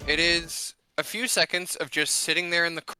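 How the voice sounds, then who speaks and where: A man running a tabletop game as game master, narrating slowly and deliberately. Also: on the high side, steady tone, sharp tone, faint music behind.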